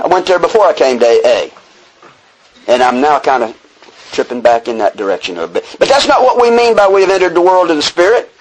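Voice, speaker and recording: In a low-quality recording, a man from Texas with a fairly high voice speaks before a group in a recovery meeting room. Earnest in tone, he reads a passage, unpacks what it means, and chuckles through self-deprecating asides.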